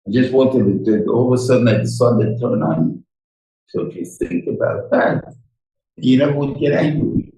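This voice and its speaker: A man's voice: medium pitch, vocal fry, dark tone. Older man teaching in an echoey room. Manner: rambling, halting, many restarts and fillers. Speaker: rabbi giving a Torah class. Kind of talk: informal Torah lecture. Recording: echoey room, voice far from the mic.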